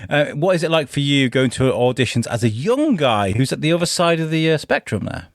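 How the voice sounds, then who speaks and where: A man's voice: fairly high pitch, big pitch swings, a little fast. A man hosting an interview, asking questions in a chatty, rambling way with many fillers. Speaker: podcast host.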